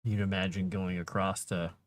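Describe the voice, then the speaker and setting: A man's voice: sits low, little pitch movement, moderate pace, slight background noise. A man, an author, chatting casually with his viewers on a live stream and cooing at his cat between thoughts.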